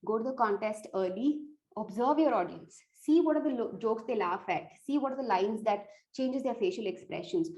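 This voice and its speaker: A woman's voice: on the high side, animated, normal speed, few pauses, mellow, low-quality recording. A woman giving earnest, direct tips on evaluating speeches, restarting phrases as she goes. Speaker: speech contest coach.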